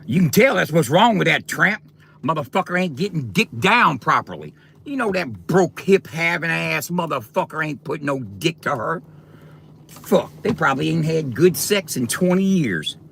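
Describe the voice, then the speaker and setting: A man's voice: on the high side, big pitch swings, moderate pace, creaky, fairly bright tone, husky. A man ranting on a livestream, taunting and confronting his viewers directly in a coarse, profane way.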